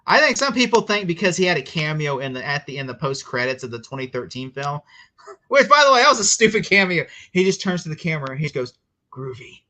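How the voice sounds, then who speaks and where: Animated young man, bright voice. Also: a little high, quick pace. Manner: animated, fillers, mocking quotes. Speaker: guest movie reviewer. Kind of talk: casual podcast chat.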